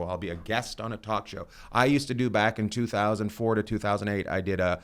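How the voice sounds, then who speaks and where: Man, middle-aged, podcast host, low voice, smooth tone, casual rambling jokes. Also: fairly bright tone. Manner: joking, rambling, self-deprecating. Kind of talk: casual chat.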